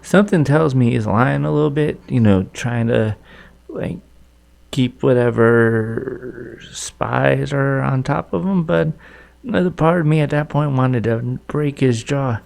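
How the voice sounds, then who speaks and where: A man's voice: mid-range voice, measured pace, vocal fry, darkish tone. A man casually commenting to his viewers as he plays through a story game. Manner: folksy, chatty, talks to viewers. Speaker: gaming video host.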